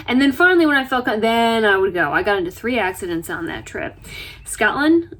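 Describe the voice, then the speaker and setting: Chatty, animated woman vlogger. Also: fairly high pitch, fairly quick. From United States. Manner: chatty, self-deprecating, animated storytelling. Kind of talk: casual chat. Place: RV interior.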